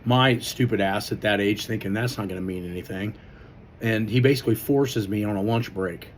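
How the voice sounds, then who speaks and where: A man's voice: on the low side, a little fast, slight background noise. A man, a strength coach, telling his life story in a loose, casual way, with many fillers and some swearing. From Indiana, US.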